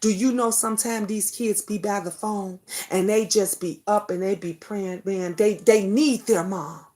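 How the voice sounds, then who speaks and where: A woman's voice: mid-range voice, fairly even intonation, a little slow, mellow. A middle-aged woman hosting a talk show, giving an emotional, profane and preachy monologue. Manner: preachy, lecturing. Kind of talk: impassioned monologue.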